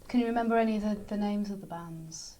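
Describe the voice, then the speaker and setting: A woman interviewer asking gentle prompting questions in an oral history interview. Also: medium pitch, quick pace, a crowd in the background.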